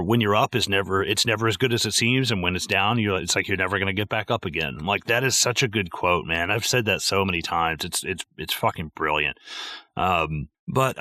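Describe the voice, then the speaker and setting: Male podcast co-host, lowish bright voice, dry close mic, profane and lively. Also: normal speed, no room sound. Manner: profane, animated, acts out film quotes. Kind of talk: casual movie discussion.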